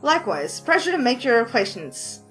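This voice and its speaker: A woman's voice: fairly high pitch, big pitch swings, moderate pace, a bit bright, faint music behind. A woman voicing a polite, touchy young Southern man with an Alabama drawl, read from a visual novel. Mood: composed. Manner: formal, drawling, defensive. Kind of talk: reading a visual novel aloud.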